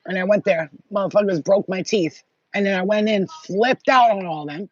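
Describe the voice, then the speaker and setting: A woman's voice: mid-range voice, normal speed, no echo. A woman vlogger talking in a blunt, profane, rambling casual monologue. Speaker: spiritual vlogger. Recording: dull lo-fi audio.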